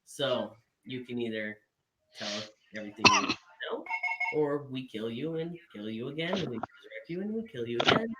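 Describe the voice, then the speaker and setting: A man playing a tabletop game, chatting in a teasing, animated way. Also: medium pitch, fairly quick. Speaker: player. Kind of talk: casual game-table chat. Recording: echoey room with noise.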